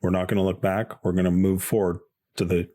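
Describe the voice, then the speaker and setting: Man, podcast host, deep voice, dry close sound, reflective wrap-up. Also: little pitch movement, brisk, dark tone, dry recording. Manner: reflective, thanks and sums up the guest. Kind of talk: casual chat.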